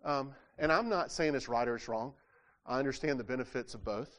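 A man's voice: mid-range voice, fairly quick, fairly bright tone. A man preaching a sermon, asking his listeners rhetorical questions, repeating words as he goes, and acting out the voices in the scripture stories. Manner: asks the congregation rhetorical questions; acts out quoted voices from scripture.

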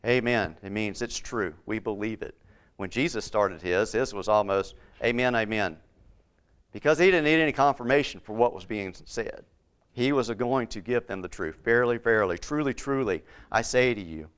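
A man's voice: on the low side, moderate pace, fairly bright tone, clear, resonant tone. A man preaching a Bible-teaching sermon, repeating key words for emphasis and putting questions to his listeners.

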